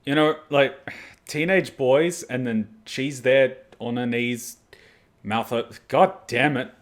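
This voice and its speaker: A man's voice: mid-range voice, slow. Chatty man reacting to anime. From Australia. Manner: chatty, animated storytelling with jokey asides. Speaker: anime reaction channel host. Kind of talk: casual reaction commentary.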